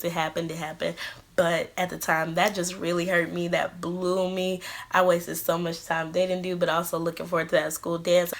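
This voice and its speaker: A woman of about twenty-one, telling a storytime vlog and acting out the quoted lines. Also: on the low side. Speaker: vlogger.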